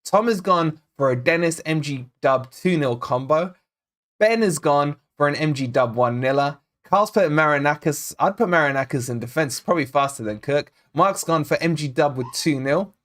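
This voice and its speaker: A man's voice: on the high side, normal speed. A man born in Scotland hosting a live football watch-along, chatting and reading out viewer comments and predictions. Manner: chatty, reads out chat names and predictions, excitable. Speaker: fan channel host.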